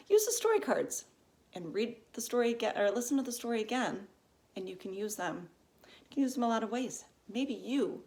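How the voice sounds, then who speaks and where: A woman teacher reading a picture book aloud to young children, expressive and asking them questions along the way. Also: mid-range voice. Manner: lively, expressive, asks listeners questions.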